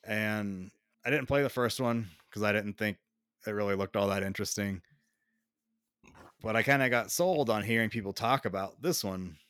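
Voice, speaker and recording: A young adult man co-hosting a casual podcast chat, ranting in a slow drawl and swearing freely. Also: lowish voice, a bit bright, no echo, clean studio sound. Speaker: podcast co-host.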